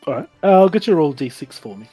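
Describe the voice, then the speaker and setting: A man's voice: a little high, big pitch swings, very fast, dark tone, slightly rough, faint music behind. A man with an Australian accent narrating a tabletop game as game master, hesitant and full of ums and sort-ofs.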